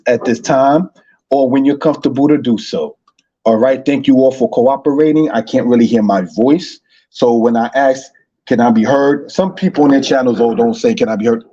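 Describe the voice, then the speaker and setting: A man's voice: mid-range voice, dark tone, slightly rough, lo-fi sound. A man teaching an online Hebrew lesson, repeating phrases and addressing listeners as brothers and sisters.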